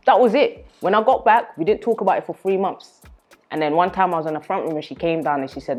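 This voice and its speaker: Young woman, lowish voice, animated storyteller, casual podcast chat. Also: fast talker, soft background music. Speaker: guest, spoken word artist.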